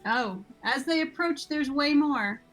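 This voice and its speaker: A woman's voice: high voice, expressive, measured pace, fairly bright tone, faint music behind, low-quality recording. A young woman playing a tabletop game, cheerful and chatty. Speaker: player.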